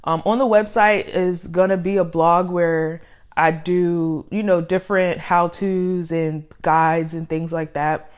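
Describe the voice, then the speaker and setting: Slow and fairly even in intonation, her lowish voice comes through clean on a studio microphone. She's a young woman hosting her own podcast solo, chatting casually and slightly breathlessly, rambling with plenty of fillers and laughing often.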